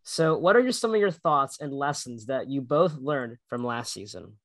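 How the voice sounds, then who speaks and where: A man's voice: medium pitch, expressive, normal speed, fairly bright tone, dry recording. Upbeat male podcast host, dry sound. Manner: upbeat, short exclamations. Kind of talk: casual interview.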